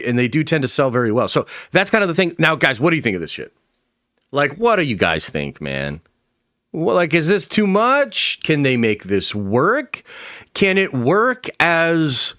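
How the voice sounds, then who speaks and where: A man hosting a casual livestream, answering chat with loose, profane banter. His pitch swings widely as he talks. The sound is dry and close. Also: clean tone, dry recording. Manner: casual, animated, swears freely. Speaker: streamer host.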